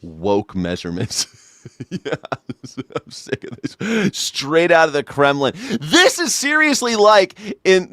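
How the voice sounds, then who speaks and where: A man's voice: on the high side, fairly bright tone, dry recording. A man in a comedic rant, mock-outraged and sarcastic, swearing as he reacts to a news clip on a studio mic. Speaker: commentator. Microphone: studio mic through a mixer.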